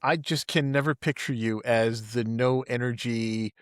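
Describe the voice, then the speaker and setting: A man hosts a casual podcast interview. He laughs often and stumbles and repeats words as he goes. His pitch is in the middle for a man, and the sound is dry and close. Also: steady tone, measured pace, clean tone, dry recording. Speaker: podcast host.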